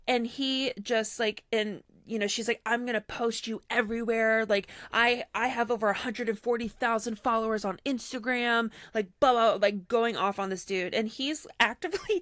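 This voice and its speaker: A woman's voice: fairly high pitch, moderate pace, no echo. Chatty woman podcaster, dry close sound. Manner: animated retelling, heavy use of "like", quoting others in her own voice. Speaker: podcast co-host. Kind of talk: casual storytelling chat.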